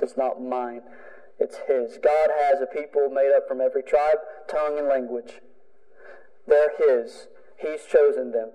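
A man's voice: medium pitch, mellow, long reverb tail, highs cut off. A man preaching a sermon as a pastor, emphatic, driving home points with repeated phrases.

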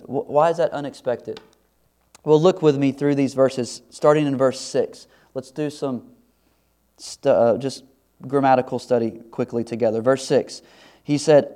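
A middle-aged man preaching a sermon, lively and animated, climbing loud and high in excited bursts and dropping soft in quiet moments, with frequent restarts. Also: measured pace, smooth. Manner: stumbles and restarts often, chuckles. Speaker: pastor.

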